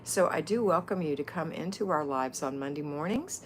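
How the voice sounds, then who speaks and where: A woman's voice: sits low, animated, moderate pace, slight background noise. A middle-aged woman hosting a casual livestream, chatting and greeting viewers by name as a home-organizing mentor.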